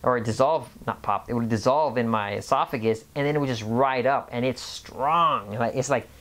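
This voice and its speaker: A casual vlog voice of middling pitch, rambling along and tripping over its own restarts. The speaker repeats words and jumps between thoughts, in a loose, unscripted monologue about everyday experience. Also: moderate pace, a bit bright. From Mexican family background. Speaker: health vlogger.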